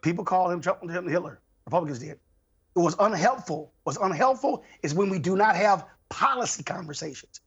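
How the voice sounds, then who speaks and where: Husky guy, annoyed, keeps talking over people, voice jumps around a lot, kinda muffled remote audio. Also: sits high, expressive, a little fast, a bit bright. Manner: exasperated, insistent, talks over others. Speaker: panel guest. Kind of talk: heated political debate.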